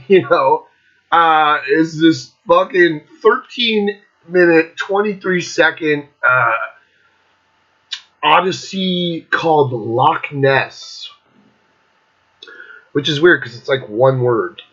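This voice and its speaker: A man hosts his own show, talking loosely and casually in a rambling way, full of constant swearing and fillers. His voice is on the high side with a sharp tone, in a lo-fi, dull recording.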